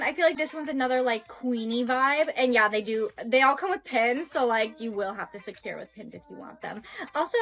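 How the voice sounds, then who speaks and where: A woman's voice: on the high side, a bit bright. A young woman content creator showing off products in a chatty, gushing way. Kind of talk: casual product showcase. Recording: faint background music.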